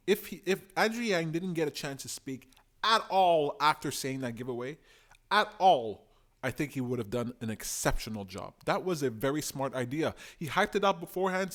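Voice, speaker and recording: Excitable man streaming live commentary. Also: on the high side. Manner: opinionated, animated, talks to chat.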